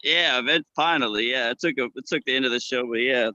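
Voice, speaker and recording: A man calling in to a live comedy show on a headset, telling a reckless work story in an excitable, casual way. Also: medium pitch, no echo, lo-fi sound. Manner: fast, excitable anecdote telling. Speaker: caller.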